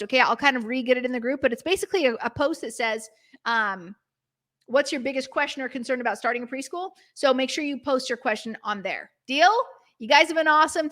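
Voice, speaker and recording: High-pitched, chatty woman hosting a live stream. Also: sharp tone. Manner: bubbly, chatty, full of fillers. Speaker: host of a live stream for preschool owners. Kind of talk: casual live-stream chat.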